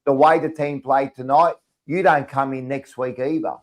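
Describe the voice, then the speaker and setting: This is an Australian man holding forth in a relaxed sports chat. He talks emphatically, repeats himself for effect and keeps tagging his points with 'mate'. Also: mid-range voice, moderate pace. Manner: emphatic, repeats phrases and tags lines with 'mate'. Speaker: podcast co-host.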